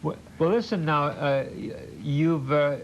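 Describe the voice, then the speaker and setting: An older male TV host doing an in-studio sales pitch, halting and repeating words, with a jokey folksy manner. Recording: muffled old TV broadcast with faint hiss.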